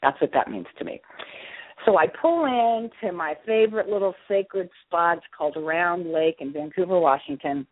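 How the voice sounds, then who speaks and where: Lively woman on a tinny phone line. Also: fairly low pitch, moderate pace, no echo. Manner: lively, acts out her own reactions. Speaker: author and interview guest. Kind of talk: casual storytelling in an interview.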